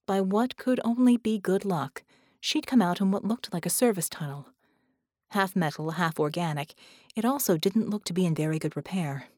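A woman narrating an audiobook in a measured, steady reading voice. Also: on the low side, dry recording, studio quality. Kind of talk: scripted narration.

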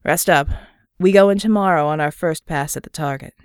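A woman's voice: low voice, fairly quick, smooth, dry recording, studio quality, voice pushed down. A woman voicing an easygoing commander.

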